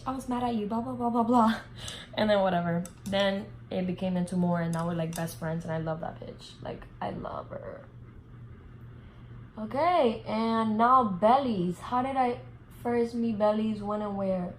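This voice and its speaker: A woman's voice: mid-range voice, moderate pace, a little hiss or hum, poor audio. A young woman vlogger telling a casual storytime, full of fillers and swearing. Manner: animated, heavy filler words, swears freely.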